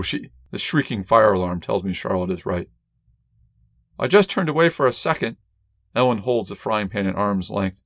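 A man reads a first-person story aloud in a measured, wry, deadpan manner. His voice sits on the low side. The recording is dry and close, with no room sound. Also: no echo. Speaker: audiobook narrator. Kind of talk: first-person fiction narration.

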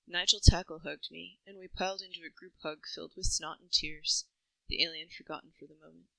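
A woman reading a first-person story in an even, reflective way, close to the mic. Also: on the low side, fairly quick, gravelly, no room sound, low-quality recording. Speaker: narrator.

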